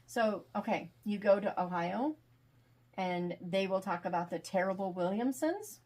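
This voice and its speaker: A woman author in a casual interview, talking in an animated, chatty way with plenty of laughter. Her pitch sits in the middle of the range, and she speaks like someone who has a lot to tell. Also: a little slow. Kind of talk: casual video call chat.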